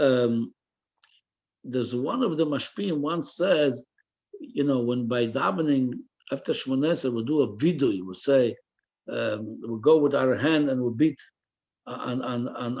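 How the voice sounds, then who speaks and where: Husky, halting man teaching a text class. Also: medium pitch, darkish tone, highs cut off. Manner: halting, repeats words while searching for the translation. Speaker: Torah teacher. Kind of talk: text class, reading and translating line by line.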